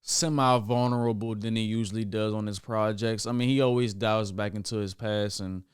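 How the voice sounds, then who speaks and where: Brief: male music reactor, low resonant voice, dry close sound, stammers, bursts of hype. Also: moderate pace, clean tone, no room sound. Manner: stammering restarts with sudden excited outbursts. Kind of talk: casual album reaction commentary.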